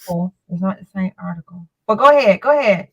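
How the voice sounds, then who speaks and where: A woman's voice: medium pitch, lively intonation, fast talker, slightly rough, dry recording, muffled recording. A woman co-hosting a casual call-in talk show, chatting in an easygoing way. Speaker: co-host.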